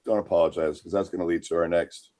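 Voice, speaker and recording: A man's voice: sits low, fairly even intonation, fast, heavy background noise. A man co-hosting a comedy podcast, hesitant and filling gaps with lots of uhs. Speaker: podcast co-host.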